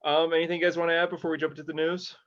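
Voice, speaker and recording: A man's voice: on the high side, little pitch movement, racing, fairly bright tone. A young man hosting a podcast, upbeat and running through the segments in casual chat. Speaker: podcast host. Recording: dull lo-fi mic.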